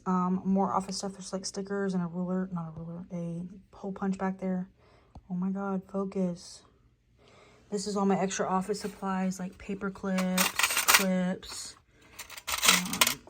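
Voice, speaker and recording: A woman's voice: fairly low pitch, background noise. Chatty young woman giving a room tour. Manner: chatty, self-interrupting, swears casually. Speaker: beauty vlogger. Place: home room being toured.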